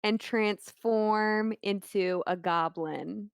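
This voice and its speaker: A woman's voice: mid-range voice, very slow, creaky, smooth. A woman taking part in a tabletop game as a player, talking in a playful, giggly way with plenty of "like". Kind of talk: casual game chat.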